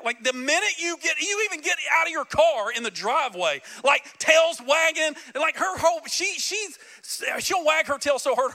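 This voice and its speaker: A male pastor preaching in a church with a high, bright voice. He is animated and playful, throwing questions straight out to his congregation. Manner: animated, joking, talks directly to the congregation. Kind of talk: sermon. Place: church sanctuary.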